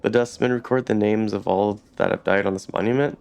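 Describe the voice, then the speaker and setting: Man hosting a let's play, lowish gravelly voice, reading narration aloud with casual comments. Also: fairly even intonation, a little fast, darkish tone. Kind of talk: reading game text aloud.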